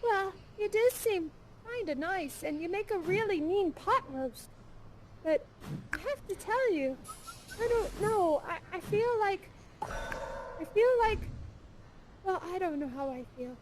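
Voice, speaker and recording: A woman's voice: very high voice, lively intonation, takes it slowly, pauses often, background noise, heavily acted. A woman voicing a hesitant young woman torn between two suitors. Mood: unsure. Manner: hesitant, wavering.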